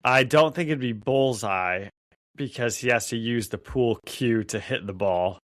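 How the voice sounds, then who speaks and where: A man co-hosts a podcast in an easygoing, casual way, pausing now and then with fillers. His pitch is ordinary and middle. He is recorded dry and close. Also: fairly bright tone, dry recording. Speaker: podcast co-host.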